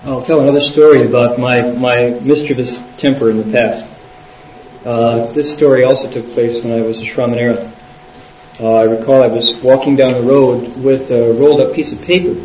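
A man interpreting a dharma talk, retelling the story in a lively way and voicing the quoted speakers. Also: medium pitch, moderate pace. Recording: echoey, distant, dull lo-fi recording.

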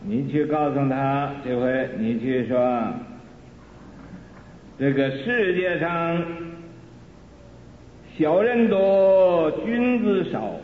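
A man voicing a calm, wise old male teacher giving instructions. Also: drawn-out words, pauses often. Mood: instructive. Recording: tinny echoey hall recording with rumble.

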